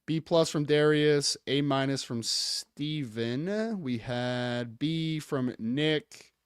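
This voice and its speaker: A man's voice: a little high, clean tone, no room sound, clean studio sound. Man rattling off viewer grades. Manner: quick, reading off viewer comments in a list. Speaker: sports podcast co-host. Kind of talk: casual sports chat.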